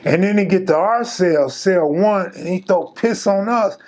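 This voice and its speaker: A man's voice: high voice, measured pace, a little mellow. Laid-back slangy man telling stories. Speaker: channel host and storyteller. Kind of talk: casual true-story storytelling.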